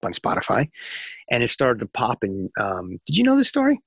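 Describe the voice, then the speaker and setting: Man, husky lowish voice, dry close sound, animated storyteller, interview. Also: moderate pace, no echo. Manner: animated storyteller acting out dialogue. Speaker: music radio promotion executive.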